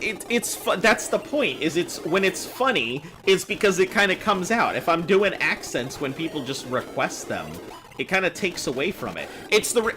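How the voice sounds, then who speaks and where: A man chatting casually with viewers while he plays, rambling and thinking out loud. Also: fairly high pitch. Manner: rambling, talks to chat while playing. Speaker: game streamer. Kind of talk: casual live-stream chat. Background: game music.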